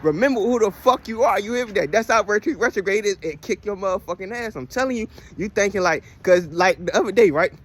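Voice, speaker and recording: A man's voice: high-pitched, fast talker, few pauses, a bit bright. A man giving a casual motivational monologue, preachy and profane, full of rhetorical questions and repeated lines. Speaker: spiritual vlogger.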